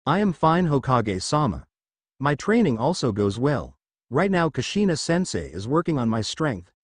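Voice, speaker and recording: A man voicing a cold, bitter teenage boy ninja in a fanfiction read-aloud, speaking in a flat monotone. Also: medium pitch, normal speed, slightly rough, dry recording, clean studio sound. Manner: flat monotone, quietly seething.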